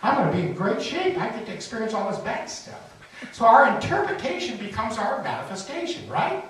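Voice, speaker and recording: In a large, echoey hall at a spiritual center, a man gives a folksy inspirational talk, telling a story and putting questions to the audience. His voice sits high with wildly swooping pitch, a little fast and a bit bright. The distant mic picks up faint hiss.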